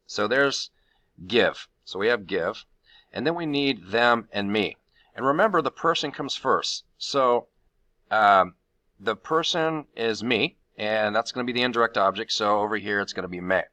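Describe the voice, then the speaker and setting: Bright-toned male teacher explaining grammar. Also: on the low side, moderate pace. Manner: explanatory, talks through steps with fillers. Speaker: Spanish teacher. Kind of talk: recorded grammar lesson.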